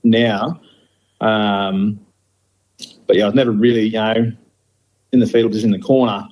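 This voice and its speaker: Aussie bloke, middle-aged firefighter, low-ish voice, blunt and outspoken, lots of ums. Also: male voice, steady tone, moderate pace, a little mellow, poor audio. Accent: Australian. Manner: blunt, outspoken, frequent fillers. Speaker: guest, firefighter station officer. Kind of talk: candid conversational interview.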